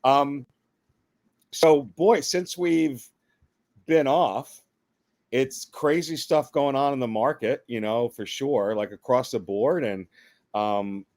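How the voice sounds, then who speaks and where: A man co-hosting a podcast, speaking at an ordinary male pitch. He keeps up a playful, mock-dramatic tone and a loose, conversational delivery. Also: slow, long pauses, darkish tone. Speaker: podcast co-host. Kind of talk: casual chat.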